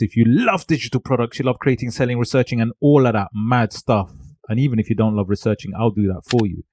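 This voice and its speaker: Hyped-up man pitching sales tips. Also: no echo, studio quality. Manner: energetic, salesy, punchy catchphrases. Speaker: online seller coach. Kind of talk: hyped-up product walkthrough.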